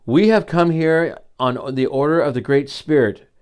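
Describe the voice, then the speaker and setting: A man's voice: fairly high pitch, normal speed, darkish tone, smooth, voice pushed up, close to an everyday voice. An earnest, big-eared storybook dog who announces his words, read by an older man.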